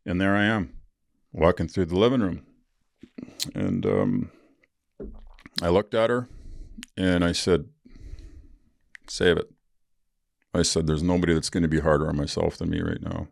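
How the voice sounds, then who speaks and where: A man's voice: low voice, expressive, measured pace, gravelly, pauses often, dry recording, studio quality. A man, a podcast host telling a personal story in a blunt, profane way with rueful laughs.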